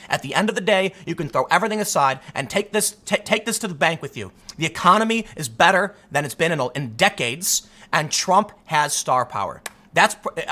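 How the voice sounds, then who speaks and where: Delivering solo political commentary, a man argues emphatically, slipping into other voices when he quotes people. His fairly high voice sounds pushed and bright.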